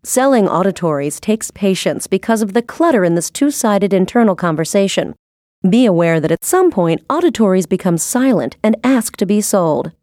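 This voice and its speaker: A woman reading a scripted sales training narration in a measured, instructive way. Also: medium pitch, expressive, mellow, dry recording, studio quality.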